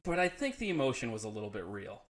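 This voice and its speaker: A man's voice: medium pitch, sing-song, quick pace. A man telling a profane, laugh-filled story in a casual chat, acting out the people he quotes. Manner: profane, laughs often, acts out quoted friends.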